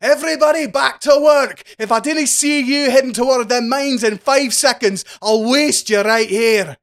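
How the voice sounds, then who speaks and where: A man's voice: medium pitch, unhurried, no room sound, clean studio sound, natural voice. A man voicing a brutal, bossy gang boss who barks threats. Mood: shouting. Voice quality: barking, threatening.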